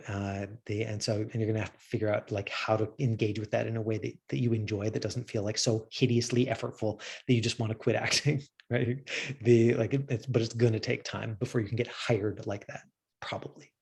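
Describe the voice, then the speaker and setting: A man's voice: mid-range voice, vocal fry, darkish tone, breathy edge. A man teaching acting on camera, talking casually and rambling with many restarts. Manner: rambling, full of fillers and restarts. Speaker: acting coach.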